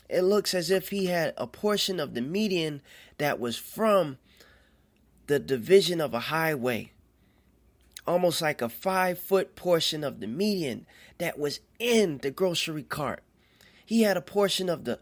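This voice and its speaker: A man telling a personal faith testimony in an earnest, halting way, often repeating phrases as he goes. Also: fairly high pitch. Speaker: storyteller.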